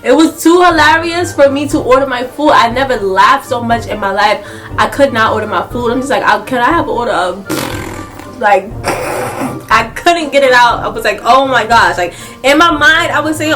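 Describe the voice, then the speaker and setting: A young adult woman telling a casual story-time vlog, animated and laughing a lot as she talks. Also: on the high side, normal speed, music in the background. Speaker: vlogger.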